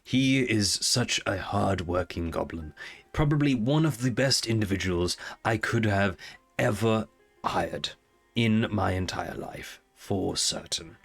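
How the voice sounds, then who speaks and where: A man playing a genteel landlord with a low voice and formal, drawn-out politeness. Faint music plays underneath. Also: gravelly, breathy edge, full character voice. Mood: flustered.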